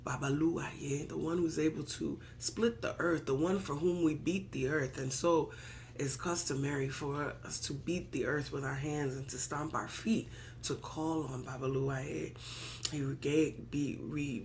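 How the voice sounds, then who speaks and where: A woman's voice: low-pitched, fairly even intonation, unhurried, creaky, a little hiss or hum. A woman priestess leading a worship service, telling a sacred story in rhythmic, repetitive preaching. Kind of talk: storytelling sermon.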